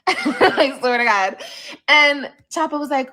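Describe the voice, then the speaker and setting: Lively Californian woman storyteller. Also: high voice, takes it slowly. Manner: animated, profane, switches voices when quoting others. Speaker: podcast host. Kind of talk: casual storytelling livestream.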